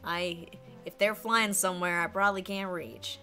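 A woman's voice: on the low side, steady tone, normal speed, sharp tone, soft background music. A woman voicing a modest male plumber hero with a put-on Southern US accent, hesitant and humble as she reads game dialogue aloud.

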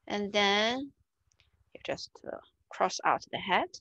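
A woman teaching a language lesson, repeating each word slowly and clearly. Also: medium pitch, lively intonation, a bit bright, no room sound, muffled recording. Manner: slow, clear repetition of words. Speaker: Chinese teacher.

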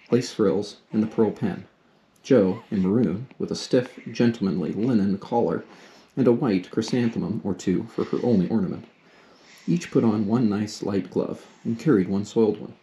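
A father reading a classic novel aloud to his daughter at a steady, unhurried pace. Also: lowish voice, a little hiss or hum.

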